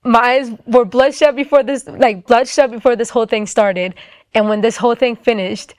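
A woman's voice: fairly high pitch, steady tone, moderate pace, a little mellow, no room sound, studio quality. Young woman sharing a personal testimony. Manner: casual, many "like" fillers. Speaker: storyteller.

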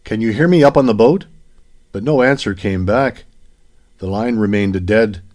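Low-voiced male audiobook narrator. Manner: steady, even reading.

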